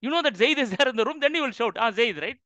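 A man's voice: extremely high pitch, expressive, rapid-fire, bright, forceful tone, no echo. Emphatic man teaching a religious class. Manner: emphatic, keeps checking with "right?". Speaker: Islamic teacher. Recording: dull, dry lo-fi sound.

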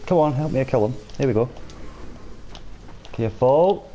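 A man with an expressive, dark, mid-range voice talks at a moderate pace while live-streaming a shooter game, reading out and replying to viewer chat in a casual way. There's a little hiss or hum in the audio.

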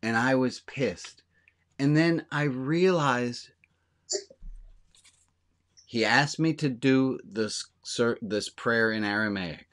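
A rabbi speaks to his congregation in a relaxed, conversational way, open about his own feelings. His voice sits at an ordinary middle pitch for a man. When he reaches a line he wants to land, he slows right down and leans on it. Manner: conversational and candid, slowing down to stress key lines. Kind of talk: informal sermon to a congregation.

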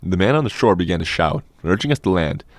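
Low-voiced guy reading an old novel aloud, steady and measured, dead dry sound. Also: no echo. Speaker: audiobook narrator. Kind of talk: scripted narration of a classic novel. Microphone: dynamic studio microphone.

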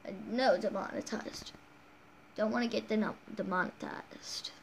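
A woman's voice: mid-range voice, fairly even intonation, moderate pace, slight background noise. A woman hosting a casual game walkthrough, rambling along with frequent restarts and self-corrections. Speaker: game channel host.

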